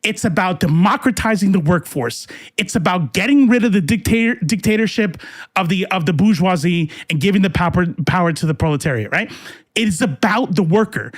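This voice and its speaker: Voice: mid-range voice, no room sound, studio quality. Profane, combative political commentary host. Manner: profane, combative, talks back to chat. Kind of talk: heated political rant to live chat.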